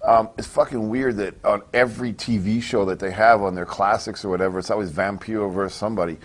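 A lowish-voiced man from Canada answering interview questions in a blunt, casual way. He swears nearly every sentence and stumbles through restarts, never polished. The delivery stays loose and unscripted. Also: fairly even intonation, fast talker. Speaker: wrestler guest. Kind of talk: casual profane interview talk.

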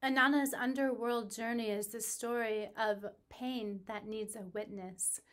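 A woman who works as a spiritual teacher recounts a myth in calm, measured storytelling. She slows and softens on solemn phrases. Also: fairly high pitch.

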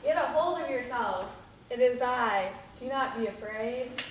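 A calm, steady male teacher figure, as a woman acts him out in a church skit. The voice is fairly high, with slow, measured commands. It is heard from across an echoey hall over a hiss of noise. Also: far from the mic, natural voice.

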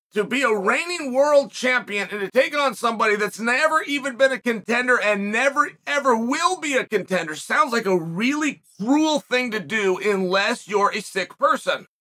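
Speaking in a very high voice with a sharp tone, a middle-aged podcast host gives a reflective commentary monologue full of restarts and rhetorical questions.

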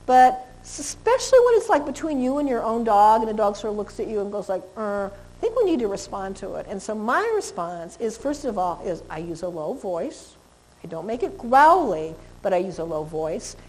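A woman's voice: mid-range voice, big pitch swings, fairly quick, darkish tone, poor audio. A middle-aged woman giving a lecture on dog behavior, chatty and often laughing, acting out dogs and people in quoted voices.

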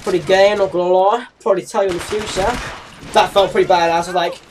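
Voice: medium pitch, steady tone, fast, slight background noise. Teen gamer with an English accent, mid-range voice, rambling chatty commentary over gameplay. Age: late teens. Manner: rambling, chatty, giggly asides. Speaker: gaming channel host.

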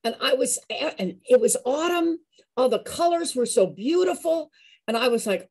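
A woman in her sixties telling a personal story in an animated, chatty way, with a husky voice. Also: high voice, moderate pace, rough recording. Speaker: show regular.

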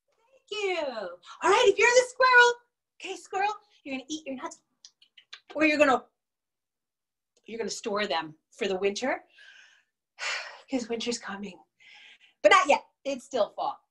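A woman's voice: sits high, expressive, unhurried, pauses often. A woman teaching a children's music and movement class, singing songs and chanting with young kids. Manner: sings and chants songs, bright and coaxing with kids.

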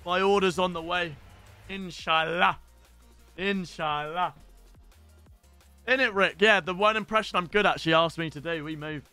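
A young man streaming live and chatting casually while opening packs in a football game, excitable and sweary. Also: high-pitched, fast, hardly any pauses, clean tone, no room sound, faint music behind. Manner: excitable, shouts at pack pulls, swears.

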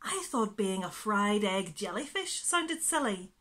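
A woman's voice: mid-range voice, sing-song, a little slow, fairly bright tone. A woman voicing a curious fried egg jellyfish in a children's story, exclaiming in surprise. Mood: amazed.

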